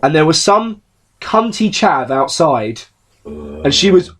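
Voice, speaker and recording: High-voiced man telling rowdy stories. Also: takes it slowly. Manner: swearing, animated anecdote telling. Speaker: podcast co-host. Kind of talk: casual chat, storytelling.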